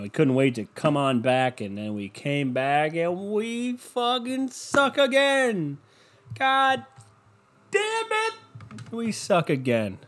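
A man of twenty-two rambling alone to listeners in a casual, sarcastic and profane monologue, mocking himself. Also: mid-range voice. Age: 20s. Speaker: solo podcaster.

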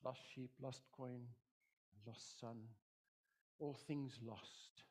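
Man, middle-aged pastor, husky voice, fervent repetitive sermon delivery. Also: mid-range voice, fairly even intonation, very slow, darkish tone. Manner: impassioned, repetitive preaching with dramatic quoted voices.

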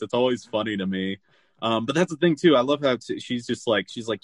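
A man hosting a podcast, recapping a film in loose, animated casual chat full of "like" and the odd swear word. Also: medium pitch, a little fast, no room sound. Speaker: podcast host.

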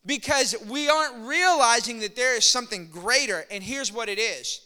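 A man preaching a sermon as pastor, energetic and storytelling, acting out quotes. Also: very high voice, normal speed, smooth, in a large hall.

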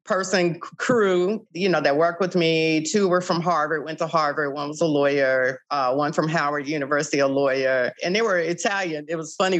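An older woman, founder of a child-recovery group, telling stories in an interview and acting out old conversations with many "you know" asides. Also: sits low. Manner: animated, acts out past conversations. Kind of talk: interview storytelling.

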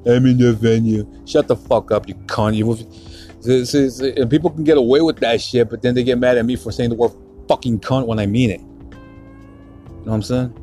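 A man's voice: medium pitch, fairly even intonation, fairly quick, warm tone, faint music behind. A young man hosting a podcast, swearing hard and stumbling over his words as he talks through painful memories, close to tears. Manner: profane, emotional, getting choked up; heavy swearing, repeats himself. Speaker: podcast host. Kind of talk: solo podcast monologue.

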